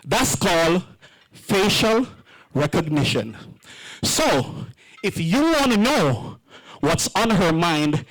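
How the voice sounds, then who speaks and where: A man's voice: sits high, fairly bright tone, poor audio. A man emceeing a wedding reception, joking and playing with the crowd.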